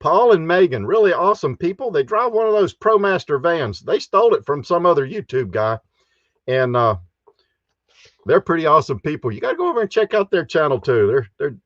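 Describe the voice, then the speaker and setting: A man's voice: medium pitch, no room sound, muffled recording. A man hosting a casual live stream from his camper, chatting and chuckling as he reads out viewer comments. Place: inside a camper.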